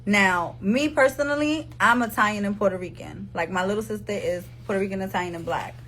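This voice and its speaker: A woman's voice: mid-range voice, brisk, a bit bright, a little hiss or hum. A woman in her thirties with a New Jersey accent, speaking straight to her followers on a phone livestream in an emphatic, repetitive, profane way. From New Jersey, USA. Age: 30s. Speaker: live streamer addressing followers. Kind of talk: casual livestream monologue.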